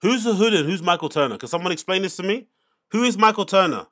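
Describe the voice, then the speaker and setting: A man's voice: high-pitched, lively intonation, fast talker, a bit bright. A man hosting a casual commentary, reacting to podcast clips in an exasperated, sarcastic rant.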